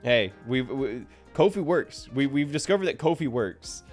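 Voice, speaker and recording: A man's voice: medium pitch, animated, moderate pace, darkish tone, soft background music. A man chatting casually to his viewers at the end of a stream, rambling and self-deprecating.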